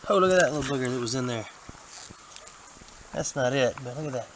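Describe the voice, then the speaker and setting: A man giving folksy, excitable commentary to a handheld camera as he metal detects in a creek, a bit out of breath. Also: medium pitch, fairly quick. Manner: excitable, folksy, talks to camera while working. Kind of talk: casual running commentary while detecting. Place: outdoors in a creek. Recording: outdoor camera audio with clear background noise.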